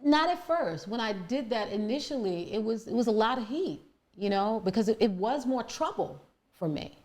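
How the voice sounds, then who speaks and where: A woman with a deep voice, telling her life story as a podcast guest in an earnest, searching way with many restarts. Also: sing-song, normal speed, darkish tone. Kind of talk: reflective conversational storytelling.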